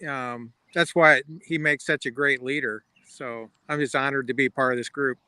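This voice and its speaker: Middle-aged male guest, bright, sharp crisp voice, dry sound. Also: mid-range voice, fairly even intonation, moderate pace, no echo. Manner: friendly, joking. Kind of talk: casual chat on a video call.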